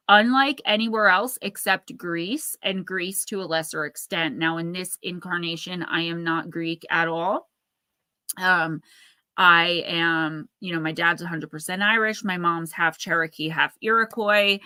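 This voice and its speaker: Woman, 30s, livestream host, rambling casual chat, bright tense tone, dry close sound. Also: on the low side, no echo. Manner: rambling, chatty.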